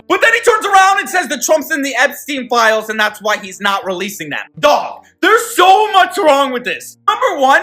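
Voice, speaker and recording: Loud bright-voiced woman reacting to news. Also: on the high side. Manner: loud, exclaiming, blunt and profane. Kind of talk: reaction commentary.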